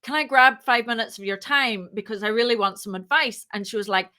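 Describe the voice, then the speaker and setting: A woman, a startup founder, telling her story as a podcast guest, lively and acting out the voices in her anecdotes. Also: on the high side, fairly quick. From moved to Ireland. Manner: lively, acts out quoted dialogue. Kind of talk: casual interview storytelling.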